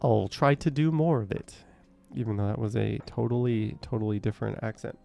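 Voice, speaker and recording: A man's voice: on the low side, fairly quick, gravelly, dark tone, soft background music. A man casually chatting on a live stream, reading out viewer comments and rambling with a hesitant, trailing-off manner.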